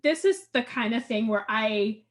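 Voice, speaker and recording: A woman with a fairly high voice co-hosts a fan podcast. She speaks emphatically, racing through long points and breaking into laughter. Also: unhurried. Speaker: podcast co-host. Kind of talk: casual fan discussion.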